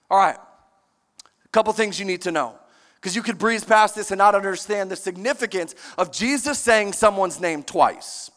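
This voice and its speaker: A man preaching a sermon in a large church, emphatic and animated, questioning the congregation. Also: high voice, moderate pace. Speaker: pastor. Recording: long church-hall reverb.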